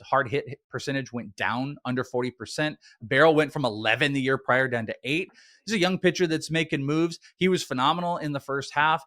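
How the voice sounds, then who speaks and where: A man co-hosting a fantasy baseball chat, reeling off stats in a quick, animated way. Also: mid-range voice, dry recording, studio quality. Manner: stat-heavy, quick and animated. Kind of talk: casual analytical chat.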